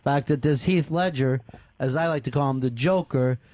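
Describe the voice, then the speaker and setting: A man's voice: medium pitch, moderate pace, darkish tone. A man hosting a radio talk show, chatting casually with his co-host and callers in a wry, joking and profane way. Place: radio studio. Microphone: studio microphone.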